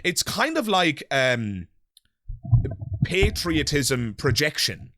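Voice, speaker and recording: A man's voice: a little high, slow, dry recording, clean studio sound. An Irish man from Ireland hosting a podcast, chatting casually and voicing strong opinions with a laugh. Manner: opinionated, animated, laughs often. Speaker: podcast host. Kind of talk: casual chat.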